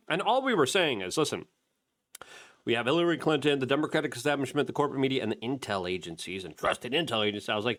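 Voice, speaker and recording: Animated male political commentator. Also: mid-range voice, quick pace. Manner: animated, mocking voices when quoting others. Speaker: host of an independent media channel. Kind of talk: commentary with a product plug.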